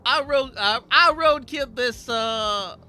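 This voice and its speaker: A man's voice: very high-pitched, slow pace, pushed and bright, clear, resonant tone, voice pushed up, exaggerated voice. A man voicing a flustered rural Southern hunter on the phone, with a put-on Southern accent, stammering and drawling. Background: game music.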